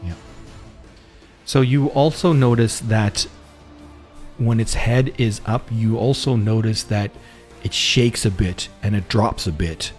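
A man narrating as game master of a tabletop game, relaxed and rambling, talking into a home mic on a voice call. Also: lowish voice, takes it slowly, faint music behind.

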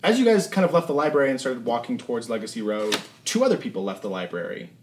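A man's voice: mid-range voice, sing-song, fast, slight background noise. Game master, male, casual rambling narration, echoey room. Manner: casual, rambling with many fillers.

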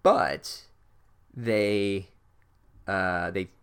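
A man's voice: deep voice, steady tone, drawn-out words, fairly bright tone, clean tone. Sardonic, profane man recapping a book. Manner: sardonic, profane, filler-heavy. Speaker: book reviewer. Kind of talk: sarcastic chapter recap.

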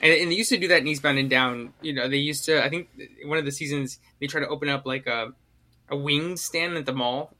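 Rambling bright-voiced young man on a podcast. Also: a little high. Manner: rambling, halting restarts, swearing. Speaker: podcast co-host. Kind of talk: casual chat.

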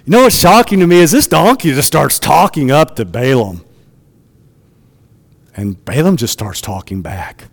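A man's voice: fairly high pitch, lively intonation, moderate pace, gravelly, in a large hall. A man preaching a sermon in a conversational way, often asking his listeners rhetorical questions.

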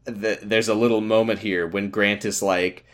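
Man, low voice, sarcastic, casual podcast recap. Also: fairly even intonation, normal speed, a bit bright. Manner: sarcastic, acts out quotes. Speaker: podcast co-host.

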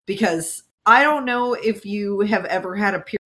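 A woman co-hosting a podcast in casual chat, talking in a profane, animated way and laughing often. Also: medium pitch, moderate pace. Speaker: podcast co-host.

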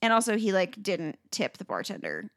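A woman's voice: medium pitch, wildly swooping pitch, moderate pace. A young adult woman co-hosting a podcast, telling a story in casual chat with lots of fillers. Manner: chatty storyteller, filler-heavy. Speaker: podcast co-host.

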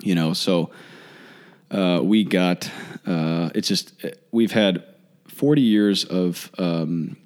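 A man with a very low, deep voice chats loosely on a talk show. He rambles and restarts often as he works his way into a topic. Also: darkish tone. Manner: rambling, halting. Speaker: podcast co-host. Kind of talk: casual chat.

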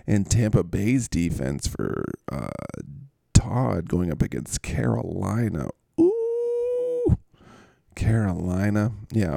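A man's voice: fairly low pitch, gravelly, dark tone, dry recording, clean studio sound. A man hosting a podcast in casual, rambling chat, full of jokes, puns and running bits. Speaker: podcast host.

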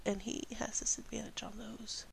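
A woman's voice: fairly high pitch, little pitch movement, moderate pace, gravelly, husky, rough recording. Cheerful woman running a tabletop game. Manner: upbeat, laughs often, many okays. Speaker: game master.

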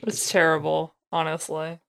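A woman's voice: low-pitched, monotone, normal speed, creaky, a bit bright, clean tone. A woman co-hosting a podcast in casual chat. She makes blunt, dry remarks and swears casually. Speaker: podcast co-host.

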